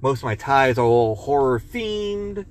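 Unhurried and sing-song, this man's mid-range voice carries his loose, rambling podcast chat. He swears, reads out a joke and laughs at his own humor as host.

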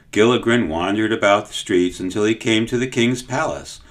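A man narrates a children's story, reading in a measured, expressive way. His voice is low but lively and swings widely in pitch. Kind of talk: audiobook storytelling.

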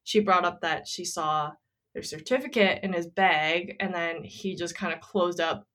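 A woman's voice: fairly low pitch, unhurried, fairly bright tone. A woman co-hosting a casual podcast, retelling a friend's story in a chatty way with lots of fillers. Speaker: podcast co-host.

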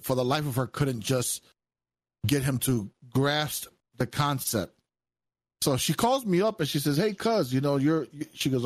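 A man's voice: mid-range voice, no echo. A man co-hosting a stream, telling stories with emphatic repetition and heavy swearing. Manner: emphatic, repeats himself, swears heavily. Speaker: stream co-host. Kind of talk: animated profane storytelling.

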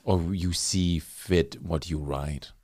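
A man's voice: low voice, steady tone, slow pace, darkish tone, no echo, clean studio sound. A man hosting a casual interview, asking long, rambling questions full of "like". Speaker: host.

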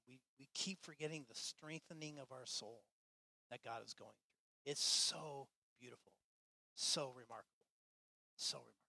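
A man preaching a sermon to his church with passion, swinging between loud, emphatic lines and quiet, hushed ones. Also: mid-range voice, moderate pace, gravelly, pauses often, no room sound. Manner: impassioned, swinging from loud to soft. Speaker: pastor.

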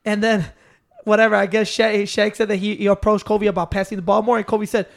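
A young man with a high voice recounts a story to his friends in loose, meandering sentences, chuckling along the way. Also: flat delivery, fast, creaky. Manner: rambling storyteller, laughs while telling. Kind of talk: casual chat.

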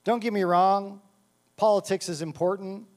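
A man's voice: high voice, steady tone, normal speed. A male pastor preaching a sermon and reading scripture aloud, fired up and impassioned.

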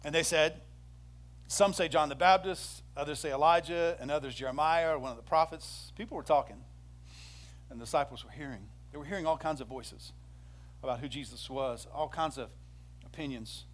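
Male pastor, sermon delivery, a bit high-pitched, acts out the quotes with energy. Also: fairly quick. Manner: animated storytelling, acts out quoted speech.

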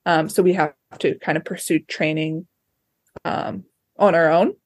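A young woman talks as an interview guest, her voice sitting low for a woman. She chats loosely, with plenty of fillers and restarts. The sound is close and dry. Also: fairly even intonation, a little slow, no room sound. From Australia. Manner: chatty, many fillers and restarts. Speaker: ski racer guest. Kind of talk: casual interview chat.

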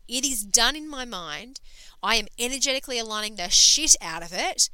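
A woman's voice: fairly high pitch, animated, moderate pace, sharp tone, smooth, no room sound, rough recording. A woman hosting a podcast, talking in an emphatic, sweary, casual motivational monologue full of fillers. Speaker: podcast host and coach.

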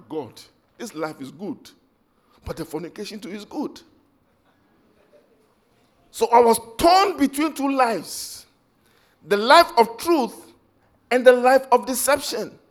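A man preaching an emotional, impassioned sermon. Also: very high-pitched.

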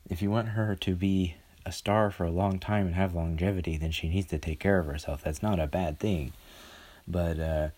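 Brief: low, warm-toned male host, rambling casual commentary. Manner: rambling, lots of uh fillers. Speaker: podcast host.

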